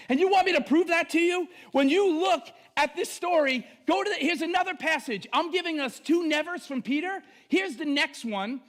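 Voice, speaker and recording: A male pastor preaching an online sermon to viewers at home, animated and emphatic with playful asides. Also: very high-pitched.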